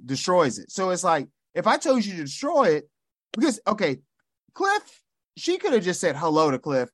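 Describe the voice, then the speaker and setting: A man's voice: high-pitched, wildly swooping pitch, normal speed, a bit bright, no room sound, clean studio sound. A man co-hosting a podcast, chatting casually and joking as he acts out characters' lines. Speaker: podcast co-host. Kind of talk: casual chat recapping a sitcom episode.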